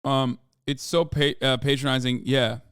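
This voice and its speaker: Guy streamer doing reaction commentary, cursing a lot, mid pitch, crisp voice. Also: little pitch movement, moderate pace, fairly bright tone, dry recording, studio quality. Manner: profane, exasperated rants.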